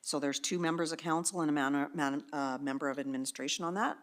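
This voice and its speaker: A woman with a notably low voice speaks at a civic meeting. She is direct and explanatory as she walks a resident through the appeal process. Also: fast. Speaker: commission or council member. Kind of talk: meeting discussion.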